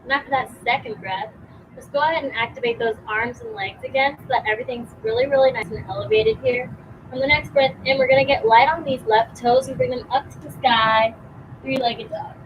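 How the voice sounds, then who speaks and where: A young woman teaching a yoga class outdoors, giving calm, encouraging cues with casual fillers, a bit out of breath. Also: sits high, brisk, muffled recording, a little hiss or hum. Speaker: yoga instructor. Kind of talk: guided yoga class instruction.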